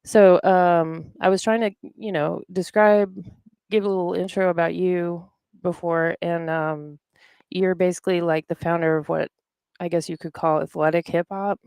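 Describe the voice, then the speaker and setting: Podcast host, gravelly voice, dry close mic, rambling casual chat. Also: medium pitch, level tone, normal speed, darkish tone, dry recording. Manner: rambling, talks to self while browsing.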